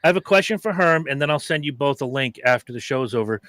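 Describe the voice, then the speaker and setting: A man's voice: mid-range voice, animated, quick pace, a bit bright, no echo. A middle-aged man hosting a podcast, chatting casually and telling stories with profanity and acted-out quotes. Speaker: podcast host. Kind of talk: casual chat.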